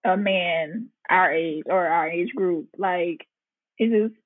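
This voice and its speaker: A woman hosting a podcast in a relaxed, casual chat, laughing easily and using slang. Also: fairly low pitch, takes it slowly, husky, no echo, phone-quality sound. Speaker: podcast host.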